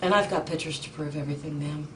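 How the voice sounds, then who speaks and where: A middle-aged woman testifying in a courtroom, urgent and indignant, halting with ums and restarts. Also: low voice. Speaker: petitioner in court. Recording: distant mic with faint noise.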